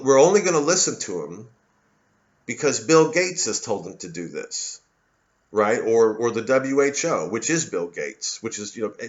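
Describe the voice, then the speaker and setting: A political commentary vlogger, male, delivers an angry, profane rant, frequently repeating himself and restarting sentences. His voice is mid-range, and the recording's highs are cut off.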